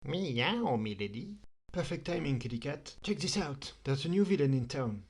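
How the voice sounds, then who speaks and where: A woman's voice: lively intonation, normal speed, a little mellow, husky, exaggerated voice. Woman doing a teasing cat-themed teen hero. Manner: lowered, teasing.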